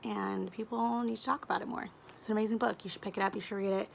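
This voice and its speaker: Chatty woman gushing about books, gravelly voice. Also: medium pitch, steady tone, a little hiss or hum. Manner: gushing and chatty, with quick asides and giggles. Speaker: book vlogger. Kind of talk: casual chat to camera.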